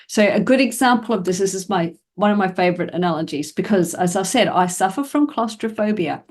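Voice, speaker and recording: A woman's voice: mid-range voice, expressive, a little fast, a little mellow. A woman hosting a podcast about dog training, explaining in a casual, conversational way with frequent fillers and acted-out examples.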